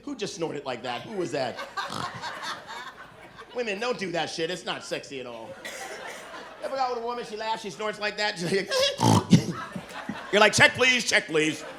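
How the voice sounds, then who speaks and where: A man's voice: sits high, very animated, moderate pace, pauses often, background noise. A middle-aged man doing stand-up comedy, brash and profane, teasing the audience from a club stage. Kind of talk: stand-up comedy with crowd work. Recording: live club recording with audience laughter.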